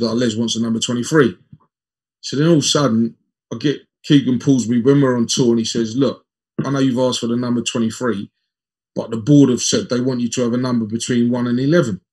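A man in his fifties, a former footballer, telling lively anecdotes as an interview guest and acting out the dialogue. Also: medium pitch, brisk, slightly rough. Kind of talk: conversational storytelling in an interview.

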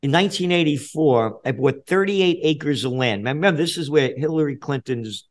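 A man in his seventies from the Bronx with a New York accent, a guest in a podcast interview, talking bluntly and profanely, dropping low then getting loud. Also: moderate pace. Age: 70s. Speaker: guest, trend forecaster.

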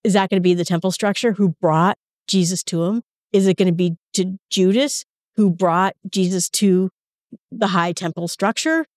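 A woman teaches scripture in a relaxed, conversational way and wanders into personal anecdotes and asides. Her voice sits a little low for a woman. The recording is dry and close, with no room sound. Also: moderate pace, no echo. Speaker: Bible teacher and podcast host. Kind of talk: casual Bible teaching with personal stories.

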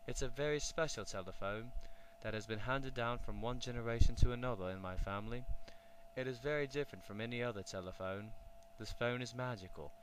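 A man's voice: medium pitch, fairly quick, slight background noise, lightly acted, rough recording. A man doing a jolly British magical duck. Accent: British (put on). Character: cheerful male magical duck from London. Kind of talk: storybook reading.

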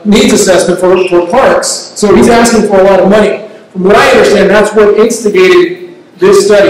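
High-voiced man in very echoey hall. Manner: earnest, argumentative. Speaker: community advocate. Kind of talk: public comment at community meeting. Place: community meeting room. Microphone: distant room mic. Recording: very echoey room from far off.

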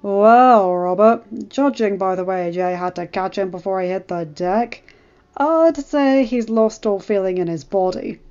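A man's voice: sits high, a little slow, darkish tone, clean tone, dull audio. Woman voicing a wry teen gang boy.

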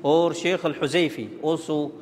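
A man teaching Quran pronunciation, demonstrating and contrasting letter sounds in a halting, repetitive way. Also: a little high, fairly even intonation, a little mellow. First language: Arabic. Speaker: tajweed teacher. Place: large mosque hall. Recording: long reverb of a large hall.

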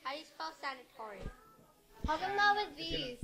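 A woman chatting playfully while playing a horror game, laughing and shouting when startled. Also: high voice, expressive, moderate pace, crowd noise. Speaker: game player. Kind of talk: casual gameplay chat.

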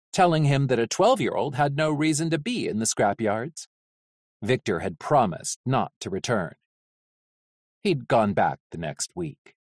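An audiobook narrator reading a novel in expressive, lively storytelling, close to the mic. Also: mid-range voice, dry recording.

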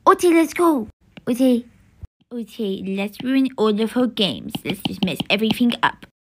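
A woman's voice: a little high, very animated, normal speed, background noise. A woman doing an eager, mischievous little boy. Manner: eager, loud and pushy. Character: mischievous young boy twin. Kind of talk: voiced toy-game role-play.

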